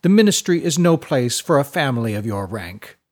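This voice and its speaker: A portly noble lord who speaks with cold, curt scorn and expects to be obeyed, as a man reads him aloud. His voice sits at a middling pitch, short and commanding. This is a storybook reading. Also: very animated, moderate pace, a little mellow, natural voice. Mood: scornful.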